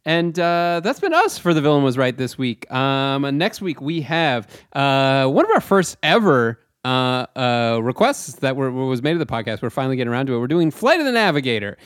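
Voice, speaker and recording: A man hosting a comedy podcast, chatting in an easygoing, agreeable way and then wrapping up the episode with a brisk sign-off. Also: medium pitch, big pitch swings, clean tone, no echo, clean studio sound. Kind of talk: casual podcast chat and sign-off.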